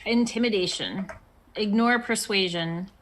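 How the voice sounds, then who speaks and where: A woman playing a character in a tabletop game, speaking in a deliberate, measured way. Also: medium pitch. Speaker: player. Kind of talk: tabletop role-play.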